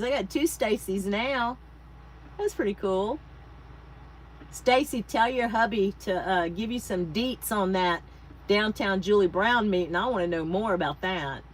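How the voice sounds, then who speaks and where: Woman, craft livestream host, casual rambling chat, mid pitch, faint background hum. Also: a little slow, rough recording. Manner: chatty, thanks viewers by name, rambling asides. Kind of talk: casual live-stream chat. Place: home craft space.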